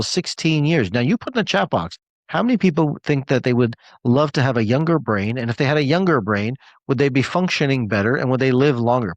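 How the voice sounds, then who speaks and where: A man's voice: mid-range voice, no echo, highs cut off. Emphatic man giving a motivational talk. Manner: emphatic and repetitive, leans on key words. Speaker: motivational speaker.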